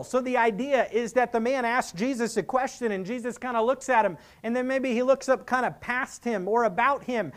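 A preacher giving an expository sermon, earnest and emphatic, reasoning with the listeners and acting out quoted speakers. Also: mid-range voice.

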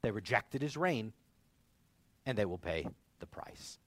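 A man preaching a sermon in an animated way, acting out the dialogue of biblical figures in different voices. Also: fairly low pitch, a little slow, no room sound. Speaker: pastor.

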